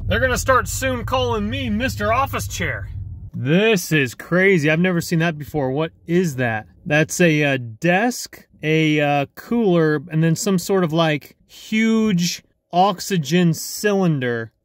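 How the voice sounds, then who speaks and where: A man vlogging outdoors while dumpster diving, chatty and excitable, thinking aloud to the camera. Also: sits high, unhurried, no echo. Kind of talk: casual vlog narration while dumpster diving. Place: outdoors by apartment complex dumpsters.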